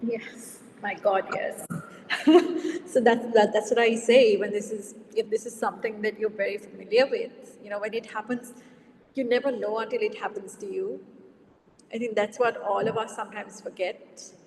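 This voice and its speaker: A woman guest on a podcast, a journalist and editor, speaking in a measured, thoughtful way. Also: medium pitch, fairly even intonation, darkish tone, a little hiss or hum. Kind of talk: reflective conversational chat. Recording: echoey room, distant mic.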